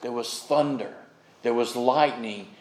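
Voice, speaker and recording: Slow, deliberate preaching man. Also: medium pitch, a little mellow. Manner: slow, emphatic preaching with dramatic pauses. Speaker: pastor. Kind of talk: sermon. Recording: echoey room sound.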